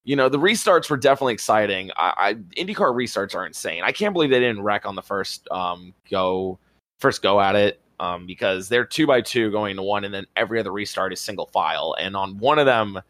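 A man telling a rambling, excitable story as a podcast co-host, swearing casually. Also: fairly low pitch, fairly quick, no echo. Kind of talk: casual chat.

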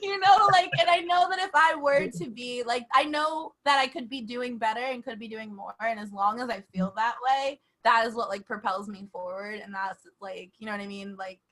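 A woman's voice: fairly high pitch, normal speed, few pauses, a bit bright. A young woman in casual podcast chat, talking freely with lots of "like" and frequent laughs. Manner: chatty, laughs often, peppers speech with "like".

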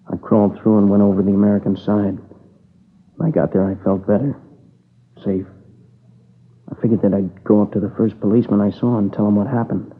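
A man's voice: lowish voice, breathy edge. An actor playing an exhausted, tearful young man who halts and speaks in a subdued voice as he recounts his friend's murder. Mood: weary. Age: young adult. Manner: halting, subdued, weary. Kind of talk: dramatic dialogue. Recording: tinny lo-fi old broadcast.

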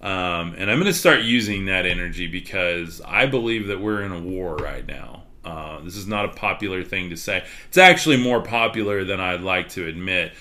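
This Texas-accented podcast host talks at normal speed with hardly any pauses, his low voice carrying a sharp tone. On his livestream he chats candidly, rambling and using many fillers.

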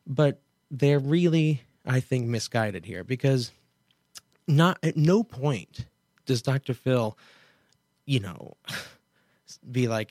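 A man's voice: mid-range voice, lively intonation, takes it slowly, long pauses, darkish tone, no room sound, clean studio sound. A man hosting a radio talk show, commenting casually in a digressive, self-interrupting, incredulous way. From Kansas, USA. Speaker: host.

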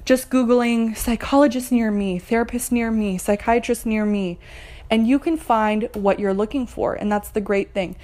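A young adult woman hosting a podcast, talking candidly and encouragingly about her own therapy, with light laughs. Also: medium pitch. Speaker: podcast host. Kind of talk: personal mental health podcast talk.

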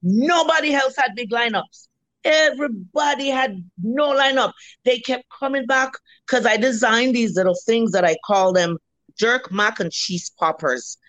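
A Jamaican woman in her fifties, a restaurant owner, telling lively stories in a casual interview, blunt and salty. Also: a little high, measured pace, no room sound, dull audio. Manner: lively storyteller, blunt and salty, acts out what people said.

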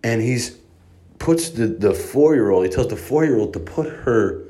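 A man's voice: mid-range voice, animated, moderate pace, warm tone. A man telling a profane comic story in an exasperated, ranting way, with heavy swearing. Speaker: comedic storyteller.

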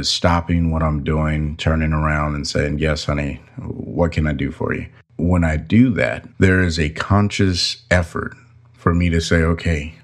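A man hosting a podcast, giving earnest, preachy advice in a casual way. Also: rumbling low. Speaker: podcast host.

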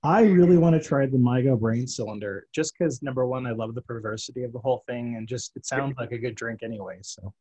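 A man's voice: medium pitch, quick pace, hardly any pauses, mellow, breathy edge, rough recording. A man hosting a casual interview, playful and joking with enthusiasm. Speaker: podcast host.

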